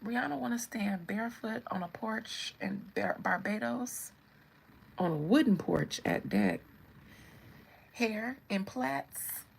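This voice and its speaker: Chatty woman with a gravelly edge. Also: mid-range voice, slow, slight background noise, low-quality recording. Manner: animated, chatty, laughs often, addresses viewers directly. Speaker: channel host. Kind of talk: casual celebrity commentary.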